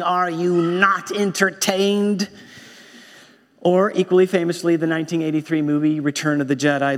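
A man's voice: on the high side, a bit bright. A male pastor delivering a sermon in a wry, conversational way, quoting lines from films. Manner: wry, conversational preaching with quoted movie lines. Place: church sanctuary. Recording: long church reverb.

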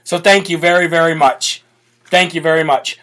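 A man's voice: fairly high pitch, fairly even intonation, moderate pace. An American man hosting a political talk show, reading donor messages aloud and leading prayer in a brash, bold way. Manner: laughs and chants loudly.

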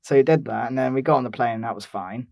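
A man's voice: medium pitch, quick pace, gravelly, darkish tone, dry recording. Rambling young Englishman telling a travel story. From England. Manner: rambling, full of "like" and restarts. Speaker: podcast co-host. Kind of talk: casual chat, storytelling.

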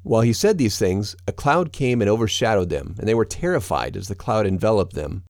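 A man narrating a scripture reading in a steady, measured manner. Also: lowish voice, creaky, no room sound, studio quality.

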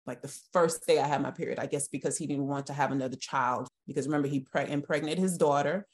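A woman with a notably low voice speaks as a podcast guest giving personal testimony. Her delivery is halting and emotional, and she often restarts her sentences. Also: fairly even intonation, darkish tone. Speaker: guest sharing her story.

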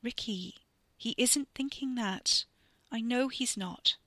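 A woman voicing a calm woman who speaks in a soothing, gentle tone. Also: mid-range voice, unhurried, dry recording, lightly acted. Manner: soothing, calming tone.

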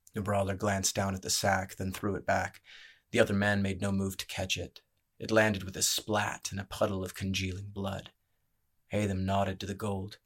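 A man narrating a fantasy story as a scripted audiobook reading, in a measured, even storytelling manner. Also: low-pitched.

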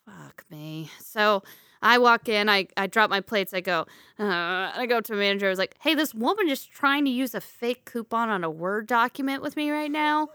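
A woman's voice: fairly high pitch, expressive, moderate pace, sharp tone, smooth, dry recording, studio quality. A woman telling a story in casual chat, laughing often and acting out the voices of people in it.

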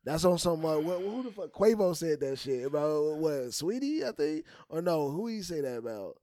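A man's voice: a little high, big pitch swings, moderate pace, dark tone, no room sound. Laid-back young man in a dry room. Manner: loose, profane, laughs often, trails off with "you know what I'm saying". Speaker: podcast co-host. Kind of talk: casual chat.

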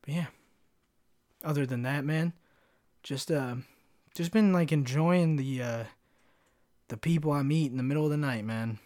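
A man's voice: fairly high pitch, moderate pace, pauses often, a little mellow, no room sound, studio quality. A young man hosting a casual solo podcast. He rambles through stories with lots of slang and swearing. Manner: rambling, slangy, profane storytelling. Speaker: podcast host.

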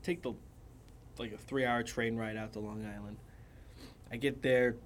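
A man co-hosting a podcast, telling animated stories in casual chat and laughing often. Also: mid-range voice, moderate pace, a little hiss or hum. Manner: animated storyteller, laughs a lot. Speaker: podcast co-host.

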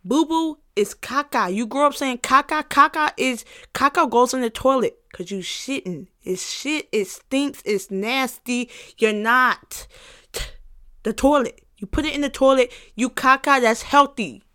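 Woman podcasting solo, kinda high voice, says the same line over and over, cusses a lot, laughs a bunch. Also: measured pace, sharp tone. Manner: emphatic and repetitive, with frequent profanity; playful, breaks into laughter. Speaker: podcast host. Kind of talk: casual solo podcast monologue.

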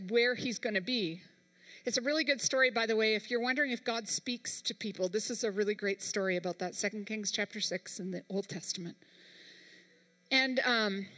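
A woman's voice: fairly high pitch, bright, forceful tone, in a large hall. A woman preacher delivering a sermon, talking emphatically and straight to her congregation. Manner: emphatic, speaks directly to the congregation.

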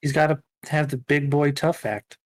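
Podcast regular, male, mid pitch, laid-back joker. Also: fairly even intonation, moderate pace, low-quality recording. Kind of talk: casual podcast chat.

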